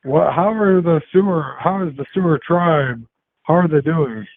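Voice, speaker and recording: A male caller on a radio show, loud and insistent, repeating himself. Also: on the high side, normal speed, creaky. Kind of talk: call-in chat. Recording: tinny phone line.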